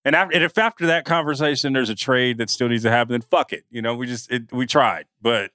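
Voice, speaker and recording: A man's voice: medium pitch, brisk, sharp tone, clean tone, dry recording, studio quality. A man co-hosting a casual sports podcast, easygoing and teasing, with slangy speech. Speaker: podcast co-host.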